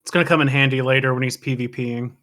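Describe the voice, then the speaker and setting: A man's voice: mid-range voice, steady tone, rapid-fire, fairly bright tone. A man co-hosting a casual book podcast, chatting enthusiastically and cracking jokes. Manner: enthusiastic, jokey. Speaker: podcast co-host. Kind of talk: casual book-club chat.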